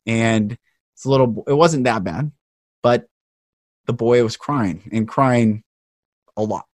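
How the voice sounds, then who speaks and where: A podcast host with a medium-pitched voice hosts an interview, speaking at a measured pace in an earnest, emotional, and passionate way. The recording is clean studio sound with no echo.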